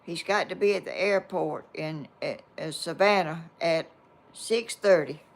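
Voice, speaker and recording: Speaking at a measured pace in a lowish voice, an older Georgia vlogger meanders through a homespun personal story for her viewers. Along the way she reads their comments aloud.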